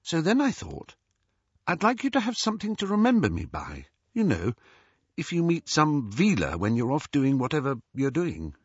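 A man voicing a soft-spoken steady young woman. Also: on the high side, normal speed, husky, no room sound, pitched above the performer's own voice, full character voice. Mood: earnest. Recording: dull, slightly muffled audio.

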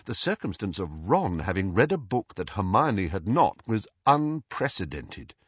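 A man narrating an audiobook with expressive storytelling delivery. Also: lowish voice, a little slow, breathy edge, no echo. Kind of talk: scripted narration. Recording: dull lo-fi recording, dry.

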